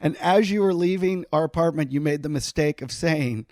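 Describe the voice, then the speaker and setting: A middle-aged man hosting a podcast, telling a story in a casual, animated way and laughing often. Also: a little high, moderate pace, hardly any pauses, dry recording, clean studio sound. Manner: animated, laughing, acts out quotes. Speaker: podcast host.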